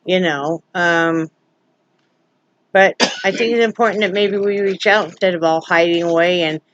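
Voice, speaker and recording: A woman's voice: on the low side, steady tone, moderate pace, lo-fi sound, noisy background. A woman vlogging from home in a casual, rambling way, joking and full of fillers. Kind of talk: casual vlog chat.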